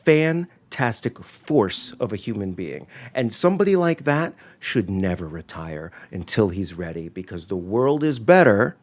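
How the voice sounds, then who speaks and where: A man's voice: on the low side, sing-song, measured pace, few pauses. A man co-hosting a casual chat, wry and jokey, turning earnest and emphatic. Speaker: co-host.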